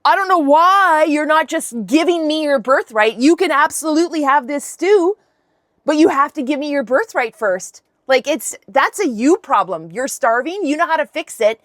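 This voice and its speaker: Brief: woman doing a pushy, smug young man, higher pitched and bratty. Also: big pitch swings, normal speed, pauses often, dry recording, clean studio sound. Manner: cocky slangy taunting.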